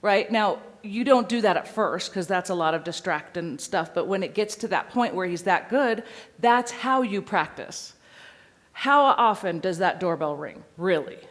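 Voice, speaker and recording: A woman dog trainer teaching a seminar audience in a lively, playful way, sometimes acting out a dog's voice. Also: medium pitch, a little slow.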